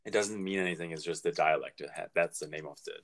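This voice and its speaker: A man's voice: low voice, quick pace, fairly bright tone. A man with a German accent, German by birth, co-hosting a casual podcast chat and asking questions. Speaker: podcast co-host.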